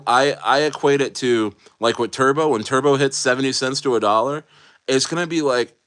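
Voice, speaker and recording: A man ranting casually on a livestream, animated and slangy, repeating himself and often asking if you know what he means. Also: medium pitch. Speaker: streamer.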